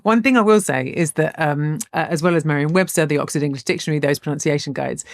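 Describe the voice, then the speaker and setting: A woman's voice: low-pitched, fast talker, no echo, studio quality. A woman co-hosting a podcast in casual chat, a chatty storyteller who often laughs mid-sentence. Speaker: podcast co-host.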